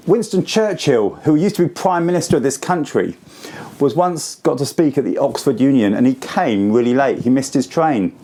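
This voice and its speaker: A man in his forties giving a school assembly talk, telling a story to children in simple, lively words. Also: mid-range voice, moderate pace. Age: 40s.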